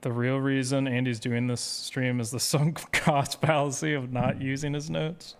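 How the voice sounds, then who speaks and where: A man's voice: mid-range voice, little pitch movement, moderate pace, clean tone. A man speedrun streamer chatting casually with his viewers, rambling and self-deprecating as he reads chat aloud.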